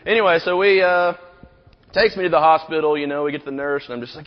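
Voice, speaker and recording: A man's voice: on the high side, steady tone, fast talker. A man in his thirties preaching a sermon, telling a personal story in a rambling, casual way full of "you know" asides. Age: 30s. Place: auditorium. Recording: echoey hall, dull recording.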